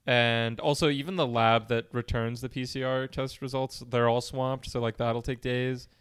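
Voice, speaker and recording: Rambling anxious man with smooth voice. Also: mid-range voice, level tone, normal speed, fairly bright tone. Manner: rambling, anxious, self-deprecating. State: congested. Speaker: podcast co-host. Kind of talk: casual chat. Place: room at home.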